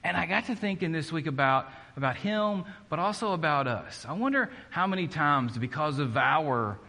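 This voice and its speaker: In a large hall, a pastor gives a conversational sermon at a moderate pace, his slightly high voice sharp and expressive. He jokes at his own expense and frequently starts his sentences over.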